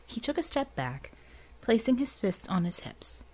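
A woman narrating an audiobook in a steady, even storytelling manner. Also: a little high, unhurried, husky. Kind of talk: scripted narration.

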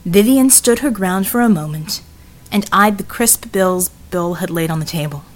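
A woman narrating an audiobook in a measured, scripted style. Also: lowish voice.

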